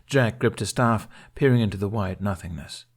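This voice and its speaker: A man reading a fan fiction chapter aloud in a steady storytelling way. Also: on the low side, moderate pace, creaky, husky. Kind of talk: audiobook narration.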